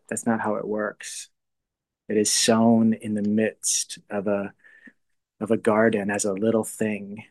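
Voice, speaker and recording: A man giving a casual, thoughtful talk on faith, searching for words and often dropping to a near whisper. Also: lowish voice. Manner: thoughtful, halting, often trails to a soft hush. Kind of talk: casual spoken reflection on faith.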